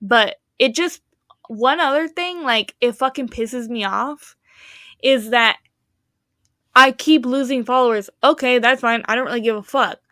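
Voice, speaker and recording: A young woman with a fairly high voice rants with nonstop cursing on a casual podcast. She is close to the mic in a dry, dead room. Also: measured pace, fairly bright tone, no room sound. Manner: profane, ranting, heated. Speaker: podcast co-host. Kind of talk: casual chat.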